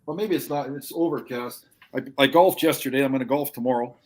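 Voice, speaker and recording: A man's voice: mid-range voice, a little fast, darkish tone. Man giving short plain replies. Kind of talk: casual chat.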